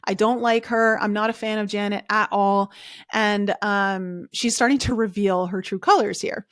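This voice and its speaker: A woman's voice: mid-range voice, fairly even intonation, moderate pace, fairly bright tone, dry recording, clean studio sound. A woman hosting a podcast, giving a casual, opinionated recap of a reality show, talking chattily with lots of fillers. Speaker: podcast host.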